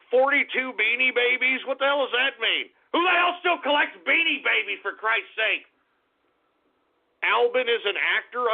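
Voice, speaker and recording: A man hosting a talk radio show, reading chat names aloud and launching into angry, cursing, shouted tirades. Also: very high-pitched, normal speed, vocal fry. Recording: tinny phone-like radio sound.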